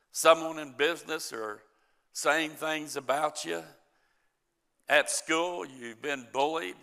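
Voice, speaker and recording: A man's voice: fairly high pitch, gravelly, bright, forceful tone. A male pastor preaching a sermon, retelling a parable and acting out the characters' lines.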